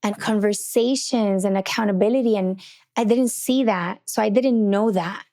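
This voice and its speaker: Speaking at a normal speed with a warm, medium-pitched tone, a middle-aged podcast host tells a personal story on her faith and relationships show. She's candid and chatty, voicing her own thoughts aloud as she goes.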